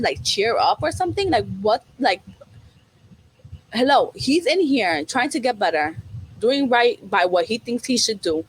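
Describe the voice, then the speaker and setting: A woman with a Puerto Rican accent, co-hosting a casual podcast chat, animated and profane, dropping Spanish words into her English. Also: on the high side, moderate pace, husky, rough recording. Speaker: podcast co-host.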